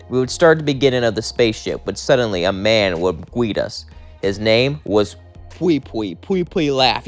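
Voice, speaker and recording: Man, casual storytelling, plain rambling delivery, middle pitch, faint music behind. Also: lively intonation, normal speed. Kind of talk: casual spoken fan story narration.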